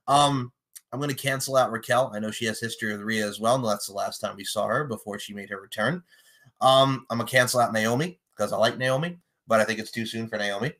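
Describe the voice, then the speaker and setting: Animated joking man chatting casually. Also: on the low side, quick pace. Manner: animated and joking, with sudden loud bursts. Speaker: podcast host predicting wrestling matches. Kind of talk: casual chat.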